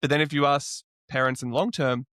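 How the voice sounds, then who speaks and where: A man's voice: medium pitch, steady tone, a little fast, fairly bright tone, dry recording, studio quality. A young man hosting a podcast interview, asking earnest, reflective questions. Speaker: podcast host.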